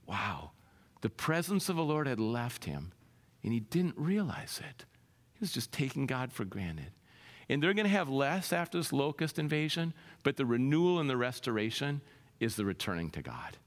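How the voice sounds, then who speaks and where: A man pastor preaching an impassioned sermon, his voice swelling to loud peaks and dropping to soft, low lines. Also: sing-song, normal speed, long reverb tail.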